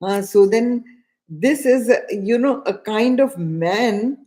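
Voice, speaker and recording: A middle-aged woman with an Indian English accent giving a spiritual discourse, deliberate and repeating key phrases, now and then chanting verses slowly. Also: fairly high pitch, animated, warm tone. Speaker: scripture teacher.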